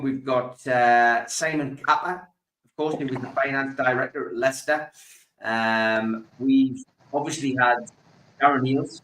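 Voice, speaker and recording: A man hosting a football fan podcast, relaxed, reading out chat comments with lots of fillers. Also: mid-range voice, reverberant, poor audio. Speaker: host.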